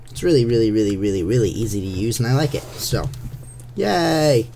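A young man's voice, medium in pitch and warm with some vocal fry, moves briskly and expressively as he chats through his gameplay and teases the monsters. He uses a desktop USB microphone that adds a little hiss or hum.

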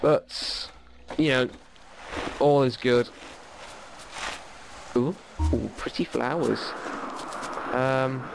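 A man's voice: mid-range voice, steady tone, extremely slow, creaky, pauses often, noisy background. Guy rambling through a game, lots of ums, jungle game sounds behind. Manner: chatty, rambling with many fillers. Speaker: gaming channel host. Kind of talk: casual let's play commentary. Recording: game audio under the voice.

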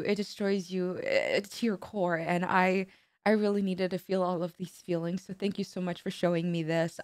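A woman's voice: on the low side, dry recording, clean studio sound. A woman hosting a music reaction video, talking in an earnest, rambling way with many fillers and restarts while tearful and collecting herself after crying. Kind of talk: emotional reaction commentary.

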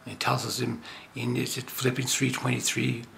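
An older man with a gravelly, rough-edged voice gives a rambling spiritual talk. He jokes and restarts often as he preaches in a loose, homespun way. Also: medium pitch, completely flat delivery, brisk, fairly bright tone, a little hiss or hum. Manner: rambling, jokey, with frequent laughs and restarts. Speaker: lay preacher.

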